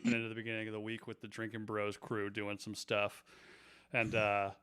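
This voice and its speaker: Brief: easygoing male podcast host, smooth clear voice, mid pitch. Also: a little fast. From North Carolina. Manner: relaxed, chatty. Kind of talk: casual podcast chat.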